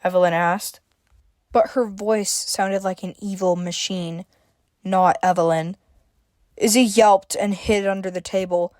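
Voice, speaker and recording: A woman narrating a homemade story in an even, mid-pitched voice. The sound is dry and close, with no room around it. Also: measured pace, dry recording. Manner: reads dialogue with shifting emphasis, stammers for a frightened character.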